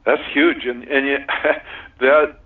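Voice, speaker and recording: A man's voice: mid-range voice, steady tone, slow pace. Man, earnest, reflective, restarts sentences, tinny phone sound, distant. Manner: earnest, reflective, laughs often, many restarts. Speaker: guest sharing a relationship compatibility system. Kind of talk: casual interview talk.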